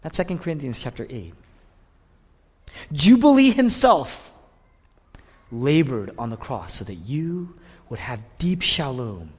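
A man preaching a sermon in a church, swinging between loud declarations and hushed whispers. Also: medium pitch, big pitch swings, normal speed, husky. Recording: long reverb of a large hall.

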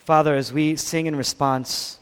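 Impassioned preacher, man with higher voice. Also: steady tone, a little slow, smooth. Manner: impassioned, swings from loud emphasis to hushed near-whispers; repetitive rhetorical build-ups with questions to the congregation. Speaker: pastor. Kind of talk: sermon.

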